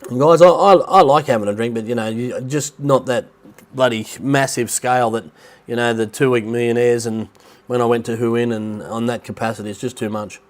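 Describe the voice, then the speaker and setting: A man's voice: mid-range voice, steady tone, fairly quick. Nasal, rambling Australian man. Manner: rambling, chatty, greets viewers by name. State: blocked nose, sounds nasal. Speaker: livestream host. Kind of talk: casual livestream chat. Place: rented apartment near the beach in Thailand.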